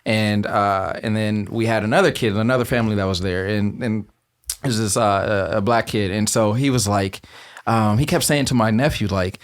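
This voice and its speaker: A man, a father, telling a personal story in a casual podcast chat, earnest and a bit halting. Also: on the low side.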